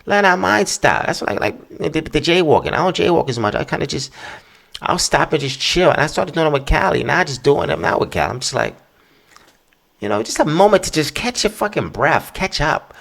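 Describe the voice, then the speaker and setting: A man's voice: fairly high pitch, a little fast, creaky. A man hosting his own podcast, ranting casually and profanely. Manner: profane, rambling, animated. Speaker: podcast host. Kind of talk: casual solo rant.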